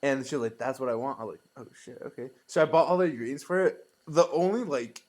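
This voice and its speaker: A young man co-hosting a podcast, relaxed and laughing along as he tells his own stories in casual chat. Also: medium pitch, fast talker. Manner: laid-back, laughs along, quotes himself in stories. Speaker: podcast co-host.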